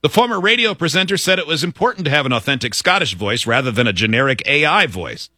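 Lively bright-voiced male radio host. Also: on the high side, fast talker, no room sound, clean studio sound. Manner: reads news aloud with jokes and laughter. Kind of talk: casual morning radio banter.

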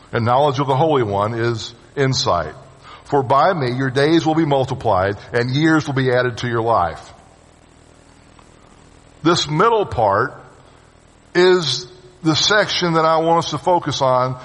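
A man preaching a sermon to his congregation. His voice swings from loud urging to hushed, low phrases, and he calls on the listeners to answer him. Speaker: pastor. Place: church sanctuary with long reverb. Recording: reverberant church hall sound.

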